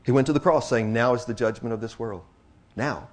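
A man speaks a sermon to his congregation in a mid-range voice, letting it fall to hushed, slow passages before rising into loud, excited exclamations, and repeating phrases for emphasis.

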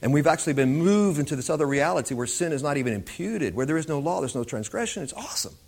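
A man's voice: fairly high pitch, animated, fast, creaky, darkish tone. A man preaching an informal Bible teaching in a conversational way, often repeating himself.

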